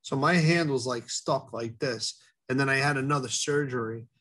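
In a casual interview, a middle-aged head baker speaks earnestly in a mid-range, slightly bright voice. He halts often, using fillers and restarting his sentences.

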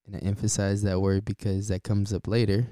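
A man's voice: lowish voice, little pitch movement, brisk, dark tone, no echo, clean studio sound. A man hosting his own podcast, talking casually and laid-back, often chuckling between points. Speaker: podcast host. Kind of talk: casual solo podcast talk.

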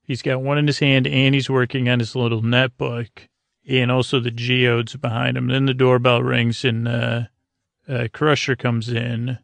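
A man hosting a podcast, casually recapping a TV episode in a halting way, full of fillers and restarts. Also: medium pitch, little pitch movement, vocal fry, a bit bright, dry recording.

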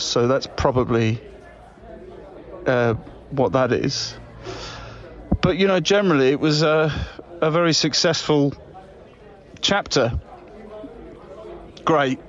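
A man talks in a breezy, matey way, leaving a casual voice message full of fillers. His voice sits at an everyday pitch. The recording is slightly dull and lo-fi. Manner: chummy and breezy, saying mate a lot. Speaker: comedy podcast co-host. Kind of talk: improvised comic voice-message monologue.

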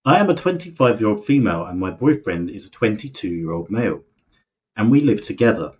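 A young male podcast co-host reads a post aloud jokingly and laughs a lot, talking fairly quickly in a lowish voice with big pitch swings. The audio is dull and lo-fi because the wrong microphone was used.

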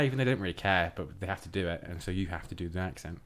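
Male co-host; playful teasing banter, animated intonation. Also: low voice, rapid-fire. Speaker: podcast co-host. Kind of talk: casual chat.

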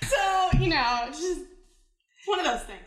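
A woman's voice: very high voice, lively intonation, measured pace, a crowd in the background. A young woman joining a chat as a guest, talking with a laugh. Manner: laughing, giggly. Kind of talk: casual chat. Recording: echoey room with noise.

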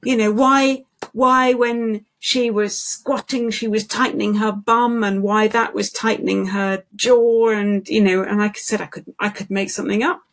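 Gravelly woman telling stories. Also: mid-range voice, steady tone. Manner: thoughtful, unhurried, storytelling with many restarts. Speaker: guest, singing voice specialist. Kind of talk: conversational interview.

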